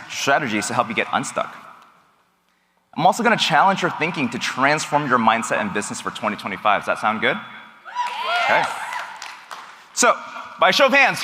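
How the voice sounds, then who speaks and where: A man giving an energetic keynote on stage in a large conference hall, hyping the audience with call-and-response while losing his voice. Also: medium pitch. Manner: hypes the crowd with call-and-response. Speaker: business coach speaking on stage. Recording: reverberant hall, loud crowd noise. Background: cheering crowd.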